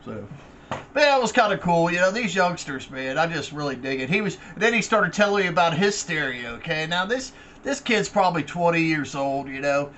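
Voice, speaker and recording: A man's voice: on the high side, expressive, fairly quick, fairly bright tone, slight background noise. A man vlogging in a rambling, laid-back way, swearing freely as he chats about his finds. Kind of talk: casual rambling chat.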